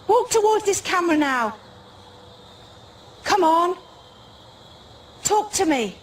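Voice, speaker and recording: Frightened woman, high and swooping, whispers to spirits outdoors at night, faint hiss. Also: very animated, slow pace. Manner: nervous, jumpy, whispering often, with bursts of nervous humour. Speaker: paranormal investigator presenter. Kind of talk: solo night vigil calling out to spirits.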